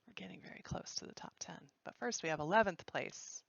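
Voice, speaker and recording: A woman's voice: on the low side, fairly quick, gravelly, no room sound, highs cut off. A woman hosting a live-stream results announcement in a chatty, joking way, correcting herself as she goes. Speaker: livestream host announcing results.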